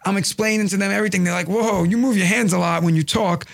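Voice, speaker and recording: A young man with a thick New York accent rambles through a story, acting out every quote. His voice sits high and has a gravelly edge. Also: fairly even intonation, fast talker. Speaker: podcast co-host. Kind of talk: casual storytelling chat.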